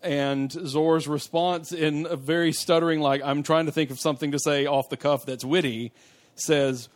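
Animated man riffing on a bad film. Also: a little high, normal speed. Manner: animated, acts out quoted lines. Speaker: podcast co-host. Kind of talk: casual movie-review chat.

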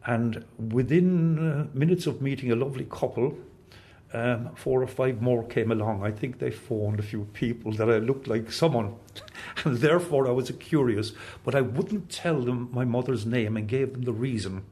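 A man's voice: medium pitch, moderate pace, warm tone. Articulate elderly man telling his story. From Ireland. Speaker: interviewee, former industrial school resident. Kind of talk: recorded interview recollection.

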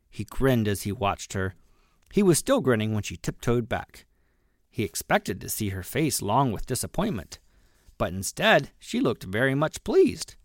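A man reading a children's animal story aloud, expressive and gently playful. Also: mid-range voice, no echo, clean studio sound. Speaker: audiobook reader. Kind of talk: storybook narration.

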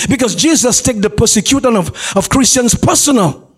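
A male pastor preaching a sermon in an exclamatory style, calling out to the congregation and often laughing and shouting for emphasis. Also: very high-pitched, lively intonation, a little fast, slightly rough. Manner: exclamatory preaching with call-and-response.

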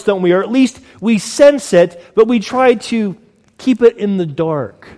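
A man's voice: high-pitched, animated, a little slow, a little mellow. A man preaching a conversational sermon as pastor, acting out little scenes in different voices. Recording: long hall reverb.

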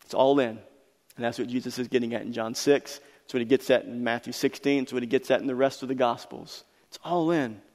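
A man preaching a sermon as pastor, emphatic and building to loud passionate peaks. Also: medium pitch, fairly even intonation, brisk. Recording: long reverb of a hall.

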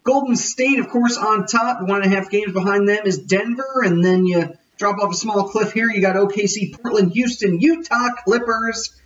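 A man's voice: high voice, moderate pace, hardly any pauses, a bit bright, recorded from a distance, highs cut off. A man hosting a casual sports podcast, jokey and rambling, often correcting himself. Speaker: podcast host.

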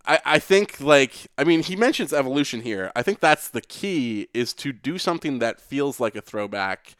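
A young man co-hosting a podcast, talking in an easygoing, rambling way full of filler words and restarts. His voice is smooth and resonant at an ordinary pitch. The sound is close and dry. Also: expressive, moderate pace, fairly bright tone, no echo. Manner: loose, filler-heavy talk with many restarts. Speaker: podcast co-host. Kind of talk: casual chat.

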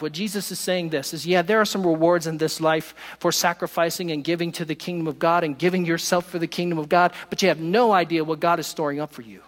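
A male pastor preaching a sermon, slowing down and lifting his voice for emphasis. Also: on the high side. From not from West Virginia. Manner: expressive preaching, slows for emphasis. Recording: long hall reverb.

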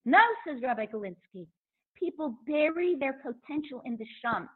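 High-voiced woman giving a lively Torah lecture. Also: moderate pace. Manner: animated, acts out quotes. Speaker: Torah teacher. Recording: thin phone-like line.

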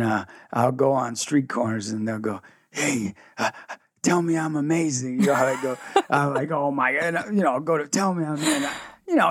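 A man tells his story with energy and a gravelly edge, jumping in and out of quoted dialogue. His pitch sits in a middle range. The recording is dry and close, with no room sound. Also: no echo. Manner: energetic, fast-shifting, acts out dialogue. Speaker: guest, ministry founder. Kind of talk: animated storytelling interview.

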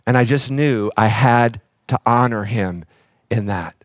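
A man's voice: mid-range voice, measured pace, dry recording. A middle-aged man preaching as a pastor, with a voice sitting in the middle range. He tells a personal story with fillers and restarts. The sound is close and dry, with almost no room around it. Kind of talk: sermon.

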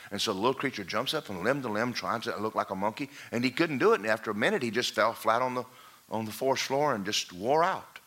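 A man preaching a sermon who tells a parable with animated storytelling and acts out the voices of its characters. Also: mid-range voice, quick pace. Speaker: pastor.

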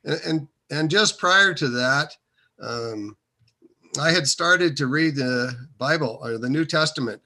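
A man telling a personal story in a hesitant, meandering way, with many pauses and fillers. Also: fairly high pitch, sharp tone.

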